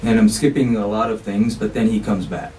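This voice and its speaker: A man preaching from a mosque pulpit, explaining his points in a relaxed, conversational way and slipping in Arabic phrases. He sits well back from the microphone, so his voice comes across distant. A faint hiss of noise lies behind it. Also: fairly low pitch, fairly quick. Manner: conversational, often saying "you know", sprinkled with Arabic phrases. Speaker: imam giving a sermon. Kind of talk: explanatory sermon.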